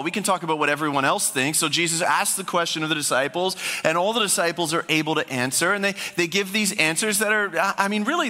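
A man's voice: on the high side, bright, forceful tone, in a large hall. A man preaching a sermon as pastor, speaking in a conversational, emphatic way.

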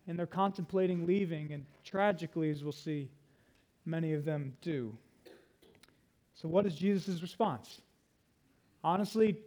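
A man's voice: high-pitched, moderate pace, warm tone, rough recording. A man preaching a sermon to a congregation, teaching verse by verse and laying out a plain outline. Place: room with a congregation.

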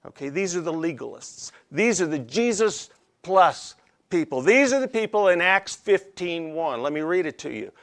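A man's voice: fairly high pitch, sing-song, moderate pace, a bit bright. A man preaching an expository sermon in a folksy, conversational way, often checking in with his listeners. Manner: folksy, conversational, frequent "okay?" check-ins.

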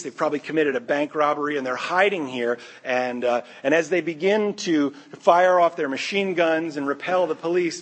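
Male pastor, sermon, animated storytelling, husky, fairly high voice.

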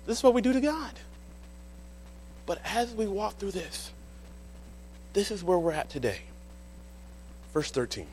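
A man preaching a sermon in church, telling the story with animated, dramatic delivery. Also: high-pitched, unhurried, long pauses, a little hiss or hum.

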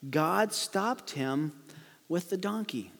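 A man reading and explaining a Bible story to children, with animated storytelling and light chuckles. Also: high-pitched, slow, vocal fry, long reverb tail. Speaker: preacher teaching children. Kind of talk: Bible lesson for kids, read-aloud with commentary.

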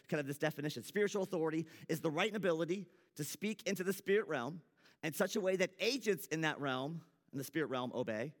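Male pastor preaching, slightly higher voice, earnest and informal, church hall with long reverb. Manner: earnest, conversational preaching with frequent restarts. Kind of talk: sermon. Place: church sanctuary.

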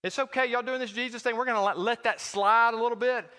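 A man's voice: extremely high pitch, fairly even intonation, quick pace, bright, forceful tone, voice pushed up. A man voicing a smug, legalistic religious teacher, in a mocking, wheedling tone, with echo from a church hall.

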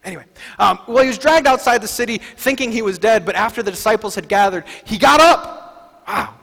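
A man preaching a sermon, moving between quiet, low passages and loud, declaring ones. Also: expressive, fairly quick, vocal fry, big-room sound. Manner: swings from soft and low to loud, shouting declarations. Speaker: pastor.

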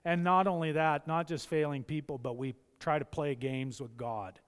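A man's voice: fairly high pitch, steady tone, moderate pace, clean tone. A man preaching a sermon as a pastor, impassioned, often acting out the voices he quotes. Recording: long hall reverb.

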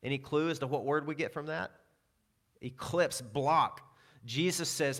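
A man's voice: a little high, unhurried, a bit bright. Conversational man preaching a sermon. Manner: conversational, storytelling with self-deprecating asides. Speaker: pastor.

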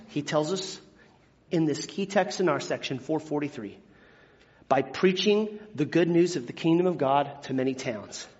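High-voiced man preaching in a reverberant hall. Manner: animated, acts out biblical quotes with big swings from hushed to shouting. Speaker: pastor. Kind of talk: sermon. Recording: dull sound with long hall reverb.

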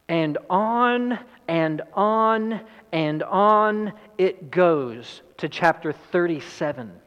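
A man's voice: high-pitched, animated, very slow, fairly bright tone, smooth. Man preaching in a reverberant hall. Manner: reads scripture aloud and paraphrases it in dramatic voices. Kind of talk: sermon.

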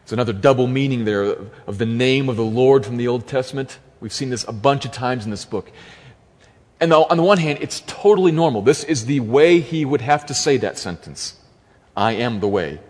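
A pastor gives an expository sermon in a mid-range voice at normal speed, speaking emphatically and repeating key phrases for stress. The recording carries the long reverb of a large hall.

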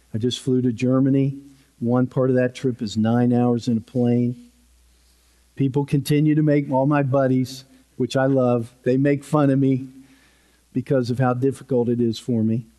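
A man preaching a sermon in an unhurried, conversational way, with self-deprecating humor, at a podium microphone in a church. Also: medium pitch, mellow. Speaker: pastor.

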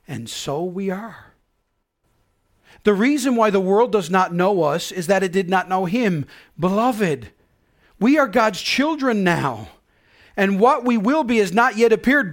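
A male pastor preaching a sermon in an earnest way, dropping to a hush and rising to loud cries. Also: high-pitched. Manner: earnest, swings from hushed to loud.

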